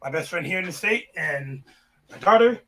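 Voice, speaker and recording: A man with a slightly high voice speaks in a direct, unadorned way. His casual talk is heartfelt and to the point. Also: animated, moderate pace, fairly bright tone, slight background noise. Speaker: reaction channel co-host.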